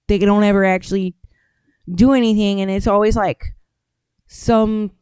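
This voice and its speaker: American woman, live stream host; smooth, dry close voice; rambling, conversational comment reading. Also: mid-range voice, a little mellow, no echo. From United States. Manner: rambling, conversational, reads viewer comments aloud. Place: home studio.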